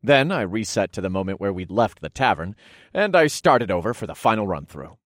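Expressive male storybook narrator. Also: on the low side, a little fast, dry recording, clean studio sound. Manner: expressive, commanding in dialogue. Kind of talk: first-person story narration.

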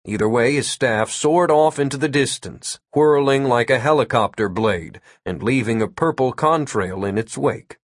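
Male audiobook narrator, mid-pitched, even pacing, dry studio sound. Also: no room sound. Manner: measured, even storytelling. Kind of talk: scripted story narration.

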